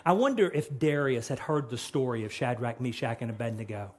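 A man's voice: medium pitch, a little fast. A man preaching a sermon who retells scripture dramatically and acts out its dialogue. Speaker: pastor.

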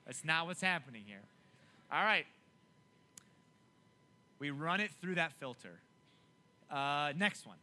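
A young man preaching a youth sermon, animated and emphatic, often repeating himself to keep listeners engaged. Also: fairly high pitch, slow, long pauses. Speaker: youth pastor.

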